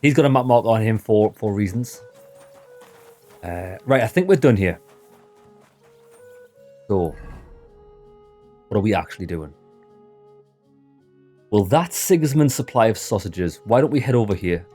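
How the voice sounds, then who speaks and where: A man's voice: fairly low pitch, animated, measured pace, pauses often, dark tone, soft background music. A man giving chatty, joking commentary while he plays a video game for his channel. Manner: chatty, joking, addresses viewers as lads. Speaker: gaming channel host. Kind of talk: casual gameplay commentary.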